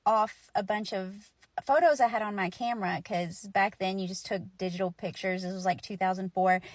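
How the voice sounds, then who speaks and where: A woman's voice: mid-range voice, dry recording. A woman in her forties telling a personal story in a chatty, emotional way, with lots of fillers. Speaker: storyteller host.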